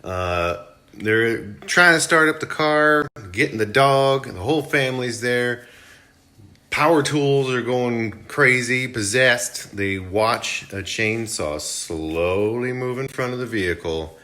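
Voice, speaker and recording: Bright-voiced man recapping a movie. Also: lowish voice, unhurried. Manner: animated storytelling, mock voices for quotes. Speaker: movie reviewer. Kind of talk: casual play-by-play recap.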